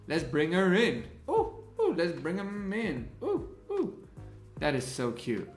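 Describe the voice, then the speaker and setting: Slow-talking man hosting a design livestream. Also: fairly high pitch, echoey room. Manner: thinks aloud, greets chat, relaxed. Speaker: livestream host and graphic designer. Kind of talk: casual livestream chat while designing.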